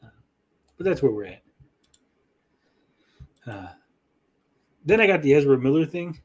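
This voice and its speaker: A man hosting a podcast in casual chat, swearing freely and talking with pauses. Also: medium pitch, husky. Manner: chatty, swears often, lively swings in loudness; speaks with pauses. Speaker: podcast host and YouTuber.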